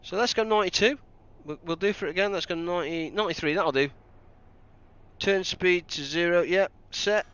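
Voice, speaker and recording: A man's voice: high voice, normal speed, a bit bright, clean tone, lo-fi sound. A man doing live commentary on a game he is playing, thinking aloud and joking at his own mistakes. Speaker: game streamer.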